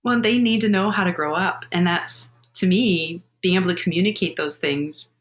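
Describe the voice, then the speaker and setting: Podcast guest: middle-aged woman, slightly low voice, candid storyteller who laughs often. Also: moderate pace. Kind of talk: casual conversational interview.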